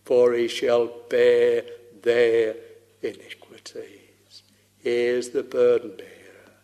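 A man's voice: mid-range voice, a little mellow. A man preaching a sermon with old-style fervor, calling his listeners dear soul, sometimes swelling into a half-sung chant. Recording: long hall reverb.

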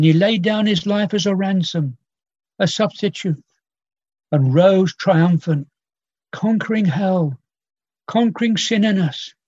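A man preaching in a high voice, slow and earnest, pausing over old scripture as he calls to his hearers. The sound is dull and lo-fi, dry with no room around it. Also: darkish tone, husky, dry recording. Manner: slow, earnest, quoting archaic scripture with pauses. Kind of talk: sermon.

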